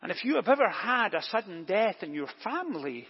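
A man preaching a sermon as pastor in a church, deliberate and emphatic, posing rhetorical questions. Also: high-pitched, big pitch swings, breathy edge. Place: church during service. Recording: echoey church, long reverb, dull lo-fi.

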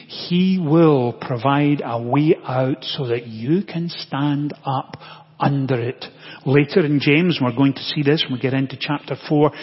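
Male pastor, slightly high voice, unhurried sermon delivery, long church echo. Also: slightly rough. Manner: slow, deliberate preaching with long pauses, dropping to a hush. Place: church sanctuary. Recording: dull lo-fi audio with long church reverb.

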